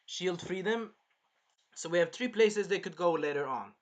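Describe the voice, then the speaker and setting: A man reviewing an anime episode in casual chat, animated and swearing, acting out lines from the show as he goes. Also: sits high, moderate pace, lo-fi sound. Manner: animated, swearing, retells scenes in put-on voices.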